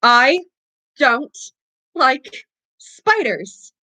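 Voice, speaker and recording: A woman voicing a nervous, stubborn teenage wizard boy who speaks tensely and gruffly in a storybook reading. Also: high voice, lively intonation, moderate pace, fairly bright tone, voice pushed up.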